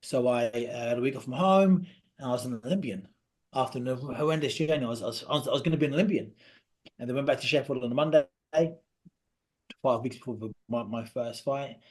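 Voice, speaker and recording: A British man, a guest on a podcast, tells a personal story earnestly and haltingly, often dropping to a quiet voice. His pitch is medium with a breathy edge.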